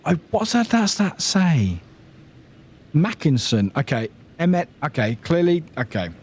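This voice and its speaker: A young British man streaming a video game, chatting casually with lively outbursts, jokes and laughter. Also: on the high side, measured pace, a little hiss or hum. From United Kingdom. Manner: animated, laughing, swearing, chatty. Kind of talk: casual gameplay commentary.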